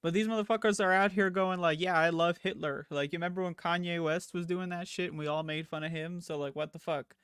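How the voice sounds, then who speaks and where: Sarcastic, bright-voiced man ranting. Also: sits high, steady tone, quick pace, hardly any pauses, clean tone, no echo, clean studio sound. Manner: heated, sarcastic, heavy swearing. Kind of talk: casual political chat.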